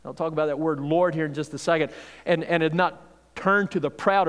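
A man's voice: a little high, a little fast, fairly bright tone, clear, resonant tone. A man preaching a sermon in a conversational way, often restarting phrases and checking in with "okay?". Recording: long hall reverb.

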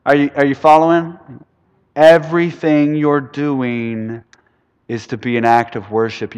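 A youth pastor preaches in a loose, conversational way, firing questions at the room and shifting between loud and hushed stretches. His voice sits at an ordinary middle pitch for a man. A long reverb trails every phrase, as if he stands in a big sanctuary. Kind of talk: sermon. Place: church building.

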